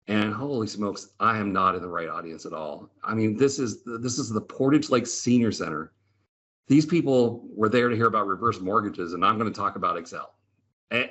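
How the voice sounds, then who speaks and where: A man's voice: on the low side, fairly bright tone. Chatty, enthusiastic man on a dull webinar line. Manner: chatty, enthusiastic, tag questions like "right?". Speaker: Excel trainer and presenter. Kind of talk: lively storytelling webinar talk. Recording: slightly dull lo-fi webinar audio.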